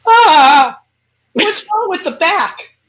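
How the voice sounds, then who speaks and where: A woman's voice: extremely high pitch, big pitch swings, extremely slow, a bit bright, voice pushed up, full character voice, rough recording. A woman voicing a whiny demon stuck in an aching human body, groaning and complaining. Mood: whining.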